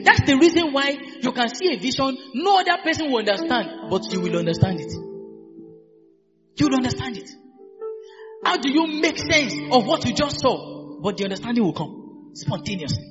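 A high, very lively male preacher delivering a sermon with call-and-response and lots of repetition. The sound is dull, with a long hall reverb and soft music behind him. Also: moderate pace, long pauses. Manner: emphatic call-and-response preaching, repeating phrases.

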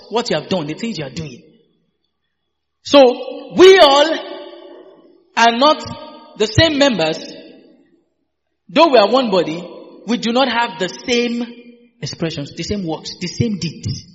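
Preacher guy, high voice, keeps shouting hallelujah and laughing, dull lo-fi sound. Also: animated, a little slow, long pauses. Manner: exuberant, laughing, peppered with hallelujahs and repetitions. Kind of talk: sermon. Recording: echoey hall, dull lo-fi sound.

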